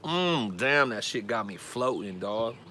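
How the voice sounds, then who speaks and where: A man's voice: on the low side, expressive, a little slow, bright, forceful tone, a little hiss or hum. A podcast host voicing a swaggering young male rapper persona, drawling boastful slang.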